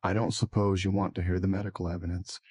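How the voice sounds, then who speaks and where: A man's voice: low voice, level tone, quick pace, a little mellow, breathy edge, no room sound. A man reading the part of a kindly, talkative male police inspector in a good-natured manner.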